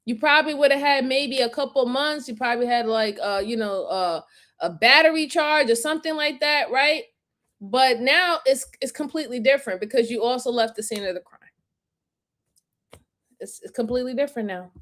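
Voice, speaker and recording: A woman's voice: sits high, fairly quick, a bit bright. A woman hosting a live stream, commenting on an interrogation video in an emphatic, repetitive, scolding way. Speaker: host reacting to an interrogation video.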